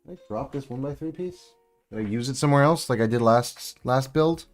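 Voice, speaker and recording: A man's voice: mid-range voice, brisk, soft background music. A man hosting a casual building live stream, rambling and chatting with viewers as he works. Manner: chatty, rambling, answers chat while building. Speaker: livestream host building sets.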